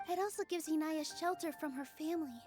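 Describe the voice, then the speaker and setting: Very high woman reading dialogue aloud, earnest and steady, light music behind. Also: fast.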